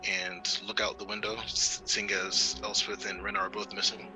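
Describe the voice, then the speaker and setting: A man's voice: low-pitched, flat delivery, normal speed, over music, low-quality recording. A man playing a tabletop game, chatting casually and laughing often. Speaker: player.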